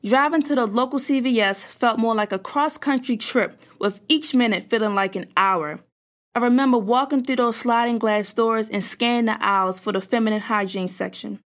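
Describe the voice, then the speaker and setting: A young woman earnestly reading a personal story aloud, in a measured storytelling manner. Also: a little high.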